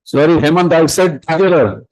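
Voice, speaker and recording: A man emcees a community event, his voice a little high. He introduces the next speaker in a loose, rambling way with plenty of fillers. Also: moderate pace, darkish tone, low-quality recording.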